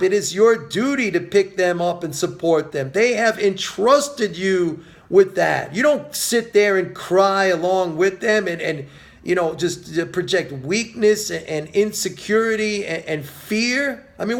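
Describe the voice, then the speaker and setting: Guy with a raspy high voice ranting about confidence, lecturing, repeats himself a lot. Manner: emphatic, lecturing, repeats key phrases. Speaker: financial commentator. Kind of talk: motivational monologue.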